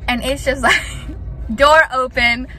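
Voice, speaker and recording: Hoarse excited young woman vlogger. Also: sits high, a little slow, soft background music. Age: 20s. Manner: excitable, laughing often, restarting thoughts. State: hoarse from screaming. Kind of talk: casual vlog chat.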